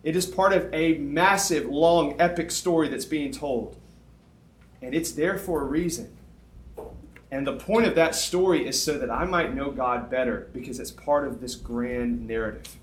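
A middle-aged man preaching as a youth pastor, animated and conversational, often checking in with "okay?". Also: on the high side, normal speed, slight background noise. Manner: animated, conversational, self-deprecating, frequent "okay?". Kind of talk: sermon. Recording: echoey room.

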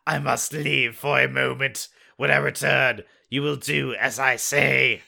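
A man plays a menacing alien kidnapper who speaks in a hollow, mechanical way. His voice is gravelly and bright, and every word comes out slow and flat. It is a comic storybook reading. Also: mid-range voice, heavily acted.

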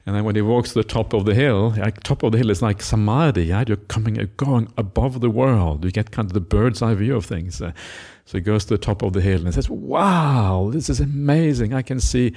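A monk giving a Buddhist dharma talk, retelling a scripture story with many "uh" fillers and acted-out quotes. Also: male voice, on the low side, brisk, hardly any pauses, warm tone.

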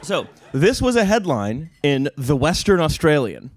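Laughing, animated male podcast host. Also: fairly high pitch, a little slow. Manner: laughing, jokey, swears freely. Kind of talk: casual comedic chat.

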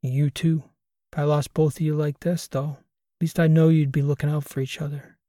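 A man voicing an aging, grieving father who talks in a gruff, plain-spoken way, in an audiobook reading. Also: fairly high pitch, level tone, fairly quick, mellow, no room sound, studio quality, natural voice. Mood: resigned.

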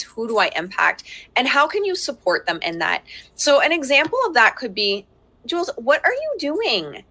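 Bright-voiced woman teaching live from home. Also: medium pitch. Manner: chatty and warm, laughing often and breaking off to address her children. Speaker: parenting coach hosting a live workshop. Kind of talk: live-streamed teaching talk. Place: at home with young children around.

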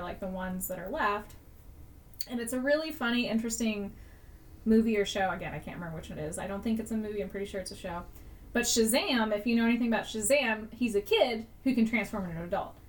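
A woman's voice: a little high, distant mic. A woman co-hosting a podcast in casual chat, retelling scenes animatedly with frequent laughter and casual swearing. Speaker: podcast co-host.

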